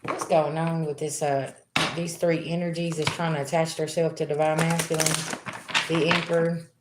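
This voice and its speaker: A woman's voice: deep voice, little pitch movement, normal speed. A woman giving a live-streamed tarot reading, talking loosely and chattily straight to her viewers. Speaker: tarot reader. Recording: roomy echo with faint background noise.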